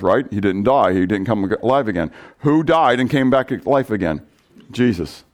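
A man with a somewhat high voice preaching in a conversational sermon. He reads scripture aloud with rising emphasis and keeps checking with his listeners. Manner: conversational preaching, asks the congregation questions. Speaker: pastor.

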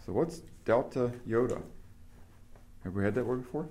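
A man's voice: mid-range voice, lively intonation, moderate pace, warm tone. A man teaching Greek grammar to a small group, asking questions and explaining step by step. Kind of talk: classroom instruction.

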